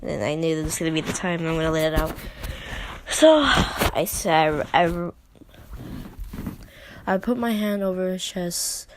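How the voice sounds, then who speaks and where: A teenage girl recounts a personal story to her camera, pausing often and restarting her sentences. Her voice sits a little low for a girl, and she sometimes drops into a quiet whisper. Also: lively intonation, noisy background. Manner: hesitant, halting, many fillers and restarts. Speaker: vlogger.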